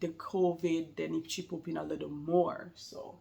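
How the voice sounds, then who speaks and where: A woman's voice: deep voice, little pitch movement, measured pace, vocal fry, dark tone. A woman chatting casually to camera about being a new mother, rambling and laughing often, with a slight lingering cold.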